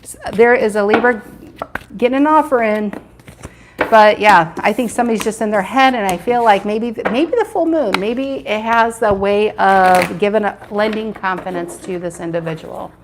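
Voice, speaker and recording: A woman's voice: medium pitch, moderate pace, noisy background. A woman doing a live tarot reading, chatting with viewers and repeating her questions as she turns the cards. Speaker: tarot reader.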